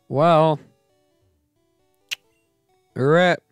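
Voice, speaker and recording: A man's voice: fairly high pitch, clear, resonant tone, no room sound. A man hosting a game let's play, giving casual commentary that turns into melodramatic grumbling and self-mocking rants.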